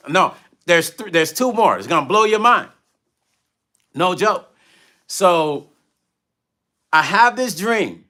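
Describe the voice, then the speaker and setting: A middle-aged man telling stories on a casual livestream, with a high, bright, forward voice. He talks with passion, circles back on his own phrases and stops now and then to thank viewers. His delivery is loose and personal. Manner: passionate, repeats phrases, thanks donors mid-story. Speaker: music vlogger on a livestream.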